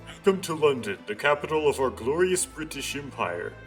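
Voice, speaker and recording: A man voicing a pompous, self-important senior judge who speaks slowly and grandly, over game music. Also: mid-range voice, sing-song, close to an everyday voice. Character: pompous tardy lord chief justice, older man. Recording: game music playing underneath.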